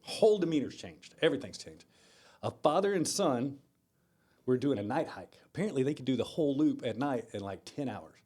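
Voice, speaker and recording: A man co-hosting a podcast, relaxed, dropping his voice low for the serious parts of a story. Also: brisk, breathy edge. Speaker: podcast co-host. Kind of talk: casual chat, storytelling.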